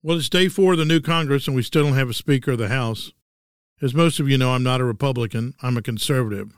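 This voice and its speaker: A man in his sixties speaks with a Texan accent, delivering a scripted solo monologue with dry, wry humor. His voice is smooth and resonant at an ordinary pitch, recorded dry with no room sound. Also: fast, no echo. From Texas. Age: 60s. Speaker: host.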